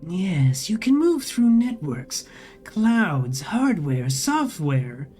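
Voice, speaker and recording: Streamer putting on a creepy multitone vending machine voice, slow broken words, kinda ominous. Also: medium pitch, very animated, dark tone, soft background music. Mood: urgent. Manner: slow, halting broken phrasing. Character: eerie multitonal vending machine, cryptic and urgent. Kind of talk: reading a narrative game aloud.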